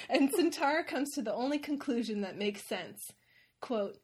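A woman's voice: on the high side, expressive, fairly quick, slightly rough. A woman host giving a wry, irreverent comedic recap of a fantasy novel. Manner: wry, irreverent, laughs often. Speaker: podcast host.

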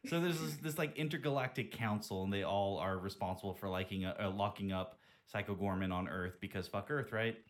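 A man's voice: on the low side, a little fast, hardly any pauses. A man hosting a casual podcast, giving a profane, laughing recap of a movie. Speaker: podcast host.

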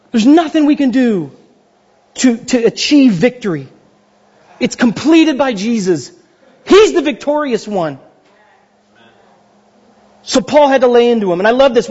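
Animated husky-voiced pastor preaching. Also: male voice, dull audio. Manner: animated, swings from loud high exclamations to slow hushed pleading. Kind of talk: sermon.

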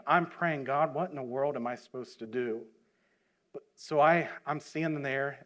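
A middle-aged man, a missionary preacher, telling a story from the field in a folksy way and building to emphatic preaching in a church. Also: medium pitch. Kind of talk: sermon with personal story. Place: church sanctuary.

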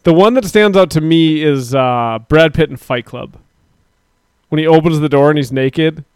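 Man, joking livestream host, laughs a lot, smooth voice, slightly high, dry close mic. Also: normal speed, darkish tone, no room sound. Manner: joking, laughs often, reads chat aloud. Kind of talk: casual crude banter.

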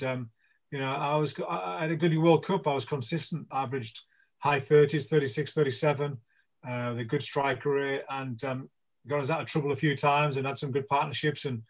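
A middle-aged man from England, a former cricketer, chatting casually as an interview guest and telling stories with acted-out voices of teammates. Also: medium pitch. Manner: animated storyteller, acts out voices of teammates.

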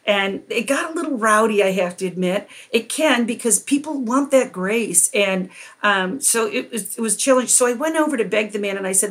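Animated middle-aged woman telling a story. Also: mid-range voice, normal speed. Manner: animated, laughs often while telling a story. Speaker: guest. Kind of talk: storytelling in a conversation.

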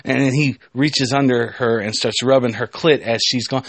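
A man's voice: medium pitch, steady tone, normal speed, breathy edge. A man hosting a podcast, telling a story in a casual, rambling way with jokey asides. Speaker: podcast host.

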